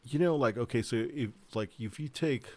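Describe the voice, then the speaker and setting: A man's voice: medium pitch, normal speed, darkish tone. A man, a board game designer, chatting casually and rambling, joking and swearing as he talks. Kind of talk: casual livestream chat.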